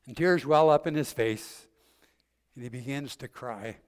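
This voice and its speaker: An older man preaching a sermon, gently retelling a story with vivid detail and acted-out quotes. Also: medium pitch, measured pace. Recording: long hall reverb.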